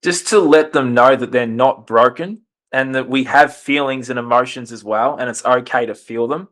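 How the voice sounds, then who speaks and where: A man's voice: mid-range voice, moderate pace, a bit bright. A man speaking as a podcast guest and life coach, talking with passion and often repeating or restarting phrases. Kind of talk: earnest conversational interview.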